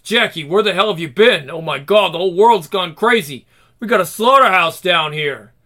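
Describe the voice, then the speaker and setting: A man's voice: sits high, expressive, normal speed, sharp tone. A man voicing a panicked male mob crony who talks in a frantic, rattled rush.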